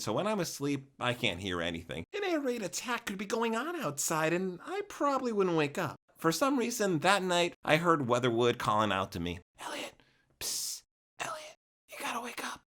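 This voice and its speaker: A young man, narrating a comic storytime in an animated, exaggerated way with jokey asides. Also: a little high, fairly quick, hardly any pauses.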